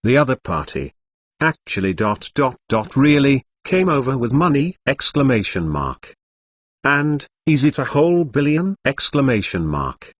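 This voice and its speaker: A man's voice: medium pitch, a bit bright, no echo. A computer-voiced man narrating a web novel, reading out punctuation marks in stilted phrasing. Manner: reads punctuation marks aloud.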